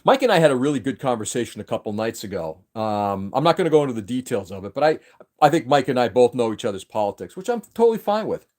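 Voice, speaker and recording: A man's voice: mid-range voice, big pitch swings, quick pace, darkish tone. Emphatic opinionated man ranting on a stream. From New England. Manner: opinionated, emphatic, restarts sentences often. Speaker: livestream host. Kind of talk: casual political rant on a livestream.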